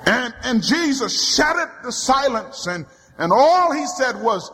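A male pastor with a strikingly high, sing-song, breathy-edged voice preaches slowly and deliberately, stacking rhythmic repeated refrains that rise into shouted climaxes. A long reverb makes it sound like a large church sanctuary.

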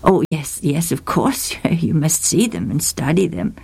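A woman's voice: deep voice, very animated, a little slow, vocal fry, darkish tone, slightly rough, heavily acted. A woman voicing a polite, flustered male monastery librarian on the phone, hesitant and full of fillers.

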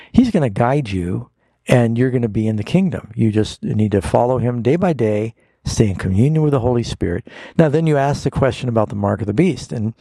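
A middle-aged man, a pastor hosting a radio Bible call-in show, earnestly explaining scripture and slowing down to read verses aloud. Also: mid-range voice, mellow, husky, no echo.

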